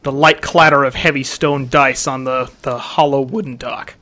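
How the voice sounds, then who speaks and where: Bright-voiced man playing a tabletop game. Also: medium pitch, fairly even intonation, normal speed. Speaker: player. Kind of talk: casual tabletop game play.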